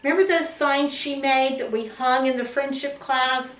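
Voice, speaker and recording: A woman's voice: high-pitched, fairly even intonation, normal speed, a bit bright, recorded from a distance. A woman from a church class chatting casually and reminiscing with her pastor. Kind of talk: casual chat. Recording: echoey room, voice from afar.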